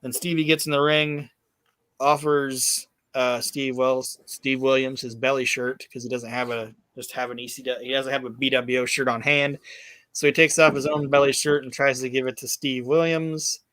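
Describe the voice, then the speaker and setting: A podcast host recaps a wrestling match he watched, rambling and swearing in an animated, casual way, full of fillers and restarts. His voice is medium-pitched at a moderate pace, recorded with no room sound.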